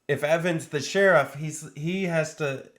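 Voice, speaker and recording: A man's voice: a little high, unhurried, a bit bright. A man co-hosting a podcast, chatting about board games in a laid-back, agreeable way. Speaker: podcast co-host. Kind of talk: casual board game chat.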